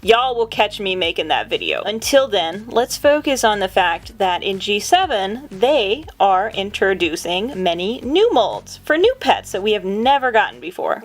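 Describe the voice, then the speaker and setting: A woman's voice: medium pitch, big pitch swings, moderate pace, hardly any pauses, a little hiss or hum. Bubbly, gushing young woman vlogger. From Atlantic Canada. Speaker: toy collector vlogger. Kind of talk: casual chat to camera.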